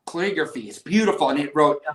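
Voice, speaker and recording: A magician guest telling a lively story in casual conversation, with many restarts. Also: male voice, fairly high pitch, quick pace.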